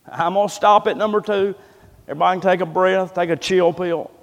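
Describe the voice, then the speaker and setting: A man's voice: high-pitched, fairly even intonation, normal speed. A man preaching a sermon, impassioned and folksy, often repeating words as he builds up. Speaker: pastor. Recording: long reverb of a large hall.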